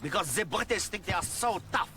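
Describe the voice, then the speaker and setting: An actor playing a vain, pompous French emperor with a mock French accent, grandiose and self-assured, in a comedy clip. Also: male voice, high voice, expressive, a little fast. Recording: loud music behind a TV clip.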